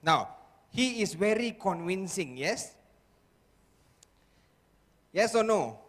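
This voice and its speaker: Casting: emphatic sales trainer, man with a high voice, long hall echo. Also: very animated, takes it slowly, fairly bright tone. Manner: emphatic, repetitive, constant "okay?" checks with audience. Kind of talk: motivational seminar talk. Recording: echoey hall.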